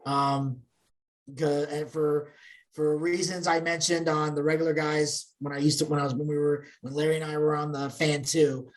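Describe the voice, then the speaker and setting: A woman co-hosting a podcast in casual chat, opinionated and blunt, talking in quick bursts full of restarts. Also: sits low. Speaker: podcast co-host.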